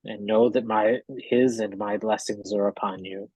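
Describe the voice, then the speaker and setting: A man voicing a gentle, solemn abbot who speaks in a slow, measured and sympathetic way. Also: fairly low pitch, steady tone, husky, dry recording, muffled recording.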